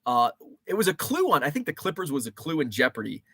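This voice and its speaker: A man's voice: on the high side, sing-song, quick pace, fairly bright tone, breathy edge, no room sound. A man in his forties hosting a casual rambling monologue, thinking aloud with fillers and restarts. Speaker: show host. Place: home basement.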